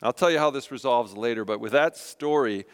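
A man's voice: mid-range voice, a little fast, clear, resonant tone. A man in his thirties preaching a sermon, telling a self-deprecating story and acting out the voices of his family. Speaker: pastor. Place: church sanctuary. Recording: long reverb of a church hall.

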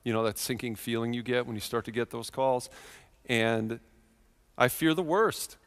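A man in his thirties preaching a sermon in a church, telling a personal story with earnest feeling and swings from quiet to loud. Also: mid-range voice, moderate pace, smooth, long reverb tail. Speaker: pastor.

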